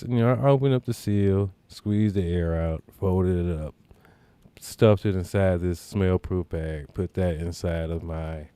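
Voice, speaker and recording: A man's voice: low-pitched, mellow, dry recording. A man hosting a podcast, telling a rambling, profane anecdote in casual chat with lots of asides. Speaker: podcast host. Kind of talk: casual storytelling.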